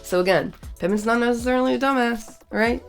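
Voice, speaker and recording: A woman's voice: fairly high pitch, fairly quick, vocal fry, faint music behind. A young woman with a cold reading a novel aloud and breaking off into playful, slangy, laughing commentary. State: has a cold. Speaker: video essay host.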